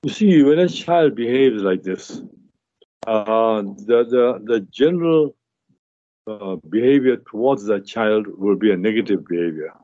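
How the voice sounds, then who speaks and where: A man with a mellow, darkish voice talks through his advice as a doctor on a radio show. He explains earnestly, often restarting his sentences and filling pauses. The sound is dry and slightly muffled, like a radio broadcast. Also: on the low side, animated, no room sound. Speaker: guest family physician.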